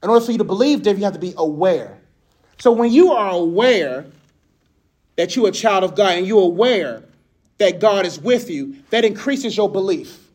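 A man's voice: sits high, normal speed. Laughing, chatty male preacher. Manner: animated, laughing, conversational. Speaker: speaker. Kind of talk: casual sermon with storytelling.

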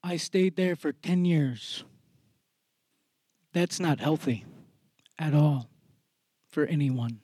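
Man, storyteller, earnest and measured, slow pace, dry sound. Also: on the high side, warm tone, breathy edge, no room sound. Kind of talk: earnest personal storytelling on stage. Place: theater stage.

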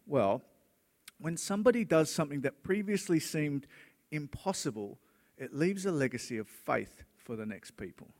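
A middle-aged pastor preaching a sermon, earnest and conversational, often checking in with "right?". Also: male voice, medium pitch, sing-song, normal speed, in a large hall.

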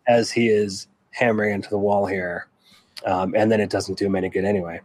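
A lower-voiced man talks with friendly enthusiasm on a casual podcast. He breaks into quoted lines with gusto. The dry, close sound keeps his voice right up front. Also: level tone, brisk, darkish tone, no echo. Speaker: podcast co-host. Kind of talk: casual fan chat.

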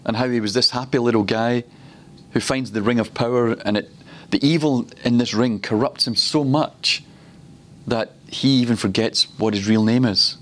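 Speaking at a medium pitch in a steady tone, this Glasgow man delivers a teaching sermon at a ministry school in Scotland. Stories fill his talk, and he slows to repeat words for emphasis.

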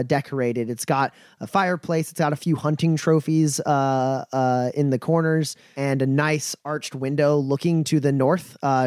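A man running a tabletop game, describing scenes at length in a slightly raised voice. He pauses with frequent hesitations and restarts, recorded close and dry with no room sound. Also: fairly high pitch, a little mellow, smooth, no echo. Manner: descriptive narration full of uh and restarts. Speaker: game master.

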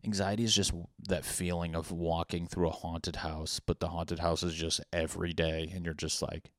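A man's voice: sits low, flat delivery, normal speed, no room sound, clean studio sound. A young man hosting a podcast, ranting casually in a rambling, profane, self-mocking way. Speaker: podcast host. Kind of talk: casual comedic rant.

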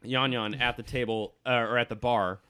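A man runs a tabletop game and describes a busy tavern in a loose, casual way. His voice is bright and easy. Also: mid-range voice, steady tone, moderate pace. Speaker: game master.

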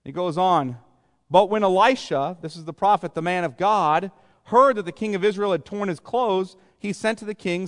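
Higher-voiced male pastor in a reverberant hall. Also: moderate pace. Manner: conversational, explains scripture in plain paraphrase. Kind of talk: sermon. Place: church sanctuary.

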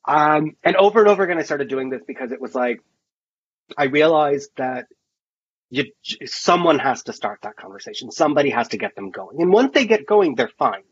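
A man's voice: fairly high pitch, animated, brisk, husky, no echo, highs cut off. A man chatting casually as a podcast guest, telling long rambling stories full of fillers and acted-out dialogue. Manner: rambling storyteller, many fillers and quoted dialogue. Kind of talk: casual chat.

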